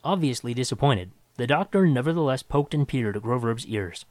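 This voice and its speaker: A man reading a science fiction story aloud with dramatic, expressive narration. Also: medium pitch, fairly quick, dry recording.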